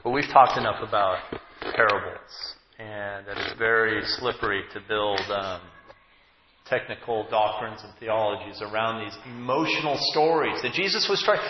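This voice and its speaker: A man preaching a conversational sermon, reading scripture and breaking off into joking asides and halting restarts. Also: lowish voice. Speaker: pastor. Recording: echoey hall, dull lo-fi, faint noise.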